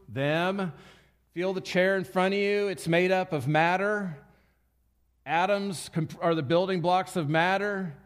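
A man's voice: high voice, smooth. Earnest man preaching a sermon. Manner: earnest teaching, repeats key phrases, draws the congregation in. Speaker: pastor.

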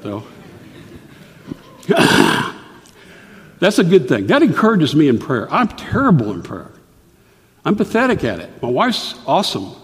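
A man preaching a sermon, explaining a Bible passage in a conversational way with rhetorical questions and asides. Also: mid-range voice. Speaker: Bible teacher. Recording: long hall reverb.

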